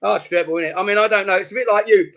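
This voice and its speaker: A man's voice: high-pitched, very fast, creaky, fairly bright tone, dull audio. A man, a comedian joining a chat show over a video call, rattling off one-liners and laughing at his own jokes. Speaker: comedian guest. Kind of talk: stand-up jokes in casual chat.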